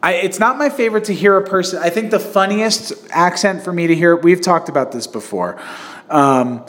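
A man chats casually on a podcast, his voice sitting a little high for a man. He rambles through his stories with plenty of fillers and restarts, laughing as he goes. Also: lively intonation, moderate pace, a bit bright. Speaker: podcast host. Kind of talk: casual chat.

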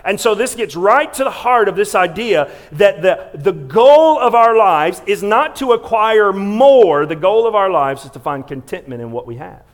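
A male pastor with a notably high voice preaches a sermon in a church sanctuary. He leans hard on key words and often stumbles over restarts. His volume rises for emphasis, then drops to near-hushed lines. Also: animated, moderate pace, few pauses. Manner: swings between loud emphasis and quiet, hushed lines.

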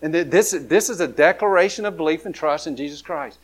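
A man's voice: fairly high pitch, brisk, few pauses. A man preaching a conversational sermon, full of restarts and repeated words. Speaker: pastor.

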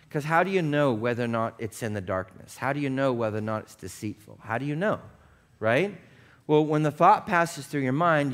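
Animated male pastor preaching. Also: mid-range voice. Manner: animated storytelling preacher, acts out dialogue. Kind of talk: sermon.

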